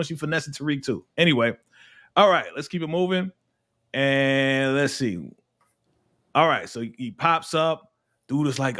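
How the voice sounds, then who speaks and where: Man host, casual recap chat, lively and laugh-prone, mid-pitched voice that jumps high and drops low. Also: a little slow. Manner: animated, laughing often, swinging between high and low voice. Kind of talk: casual episode review chat.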